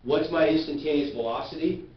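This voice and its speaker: A man's voice: a little high, fairly quick. A man teaching physics in a classroom, stopping often to ask the class questions and check they follow. He sounds far from the camera, with a roomy echo, a dull muffled tone and a faint hiss underneath. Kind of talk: classroom lecture. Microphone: camera at a distance.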